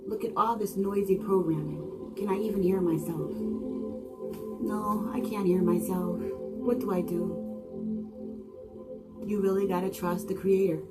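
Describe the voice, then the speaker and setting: A woman giving a spiritual monologue, full of dramatic rhetorical questions and swinging between loud exclamations and hushed tones. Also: medium pitch, fairly even intonation, measured pace, pauses often. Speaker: channel host. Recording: singing bowl music underneath. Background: singing bowl music.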